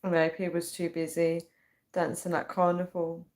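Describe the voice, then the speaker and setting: A woman's voice: lowish voice, completely flat delivery, measured pace, a little mellow. A woman on a casual livestream, chatting, giggling and reading viewers' comments aloud. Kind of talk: casual live-stream chat. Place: at home late at night.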